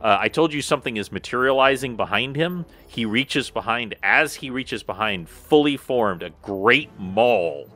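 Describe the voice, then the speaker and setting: A man narrating a tabletop game as game master, relaxed and full of fillers and restarts. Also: medium pitch, normal speed, hardly any pauses, soft background music.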